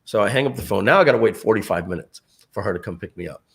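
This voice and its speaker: A man's voice: lowish voice, expressive, very fast, gravelly, a bit bright. A middle-aged man telling a personal story to an audience, acting out what other people said in their own voices. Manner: acts out other people's lines in quoted voices.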